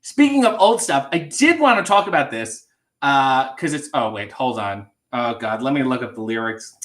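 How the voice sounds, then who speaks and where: A man's voice: mid-range voice, expressive, moderate pace, a bit bright. A young man hosting a casual livestream, reading viewer requests and singing Christmas songs between loose, joking chat. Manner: sings Christmas songs, then chats loosely with swearing and asides.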